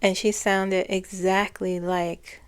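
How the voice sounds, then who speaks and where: Slow-talking woman psychic rambling. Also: medium pitch, little pitch movement, clean tone. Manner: rambling, trailing off and restarting phrases. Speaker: psychic channeler. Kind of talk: casual spiritual monologue.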